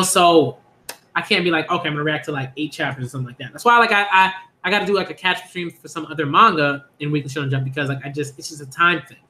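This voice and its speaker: A man rambles through a casual reaction stream, circling back on himself with likes and you-know-what-I-means. His voice sits high and bright, edging on tense. The room around him rings with echo. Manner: rambling, repetitive fillers, bursts of high laughing excitement. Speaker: manga reaction youtuber.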